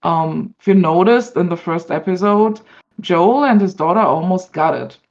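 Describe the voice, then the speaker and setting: Woman panelist, low unhurried voice, hesitant and thoughtful, dull lo-fi stream audio. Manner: thoughtful, hesitant with many ums. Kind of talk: casual panel discussion.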